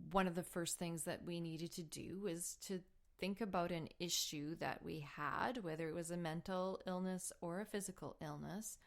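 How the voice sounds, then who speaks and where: A woman hosting a spiritual healing show, telling a personal story in an earnest, heartfelt way, sometimes dropping to a soft whisper. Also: fairly low pitch, gravelly. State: emotional while telling the story. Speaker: spiritual healing podcast host.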